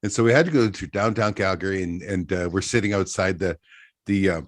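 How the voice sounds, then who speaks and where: A man's voice: low-pitched, fairly quick, no room sound, clean studio sound. A middle-aged man from Texas, a trapper guest telling rambling stories in casual chat, laughing often. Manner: rambling anecdotes, frequent laughter, restarts.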